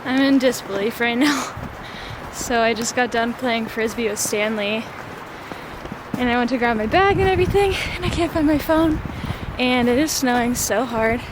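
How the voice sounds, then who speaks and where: A woman's voice: a little high, moderate pace, background noise. Chatty young woman vlogging outdoors. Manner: chatty, breathless walking and talking. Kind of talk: casual vlog narration. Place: snowy forest outdoors.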